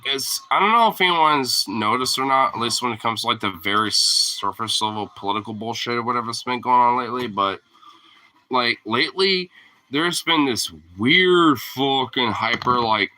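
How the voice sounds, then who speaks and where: A man's voice: mid-range voice, normal speed, bright, forceful tone, poor audio. A man ranting casually as a vlogger, rambling and profane, often laughing at his own points. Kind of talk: casual rant to camera.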